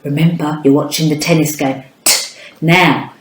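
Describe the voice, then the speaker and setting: A woman's voice: low voice, fairly even intonation, moderate pace, very noisy. A woman from the United Kingdom teaching a children's phonics lesson, encouraging and speaking straight to a young viewer. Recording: echoey room.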